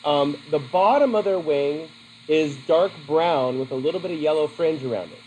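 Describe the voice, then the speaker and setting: A man's voice: a little high, lively intonation, normal speed, darkish tone, a little hiss or hum, rough recording. A man teaching a class in a classroom, chatty and asking his students questions. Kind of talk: classroom lesson.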